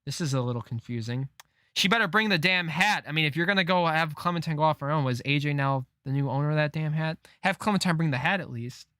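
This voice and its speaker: A man reading a comic aloud on a live stream, reacting with disbelief and frequent swearing as he thinks out loud. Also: a little high, fast, no room sound, studio quality.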